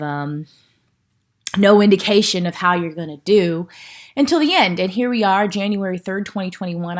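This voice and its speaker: A young woman talks to her camera in a casual, chatty update, slightly out of breath and pausing often on fillers. Her voice sits a little low, and she takes her time. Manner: chatty, with many fillers and restarts. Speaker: vlogger, working mother in law school.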